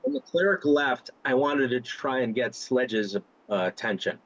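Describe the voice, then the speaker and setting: A man's voice: medium pitch, expressive, measured pace, dry recording, muffled recording. A man playing a tabletop game, casually asking the game master to check details. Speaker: player. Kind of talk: casual chat at a gaming table.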